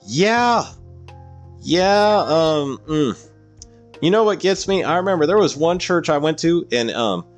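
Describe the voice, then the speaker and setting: A man streaming a game and casually chatting through viewer comments in a rambling way. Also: a little high. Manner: rambling, with frequent fillers and laughs. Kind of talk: casual livestream chat, reading viewer comments.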